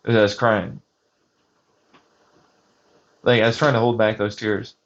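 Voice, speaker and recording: A man's voice: lowish voice, flat delivery, unhurried. A man vlogging outdoors on a hiking trail, rambling through a personal story with lots of swearing and restarts. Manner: rambling, profane, restarts often. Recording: muffled lo-fi recording.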